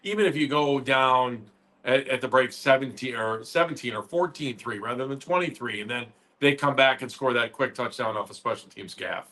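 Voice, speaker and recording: A man's voice: mid-range voice, normal speed, pushed and bright. A man co-hosting a sports radio show, rattling off points about the game and firing questions, with stammered restarts. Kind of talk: casual sports talk.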